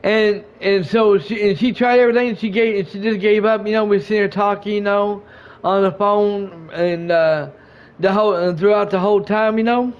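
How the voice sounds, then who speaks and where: A man's voice: high-pitched, steady tone, moderate pace, clear, resonant tone. A man hosting a podcast, telling a casual story full of restarts and repeated words. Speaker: podcast host. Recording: dull lo-fi stream audio.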